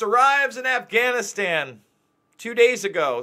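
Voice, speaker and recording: Agitated ranting male host, bright high voice. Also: expressive, moderate pace. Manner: agitated, ranting, emphatic repetition. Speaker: news show host. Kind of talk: live commentary monologue.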